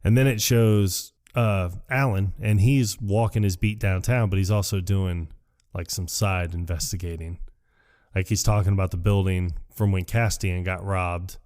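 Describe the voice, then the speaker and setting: A man talks through a film scene by scene, jumping into the characters' lines as he goes. His voice sits a little low and sounds mellow and warm. The talk is loose and chatty, full of laughs. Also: steady tone, normal speed. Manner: retells scenes animatedly, acting out quotes with laughs. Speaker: podcast co-host. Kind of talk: casual movie recap chat.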